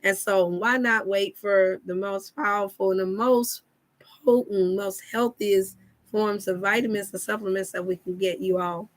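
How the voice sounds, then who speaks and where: A woman's voice: mid-range voice, steady tone, unhurried. Folksy woman hosting a wellness chat. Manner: folksy, preachy, addresses viewers as y'all. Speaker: wellness show host. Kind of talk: casual live-stream chat.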